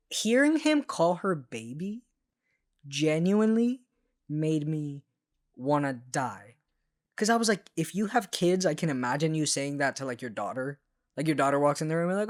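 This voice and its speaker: Animated, expressive man co-hosting a chat. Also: fairly high pitch, normal speed. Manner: animated and expressive, with playful exclamations. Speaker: podcast co-host. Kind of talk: casual chat.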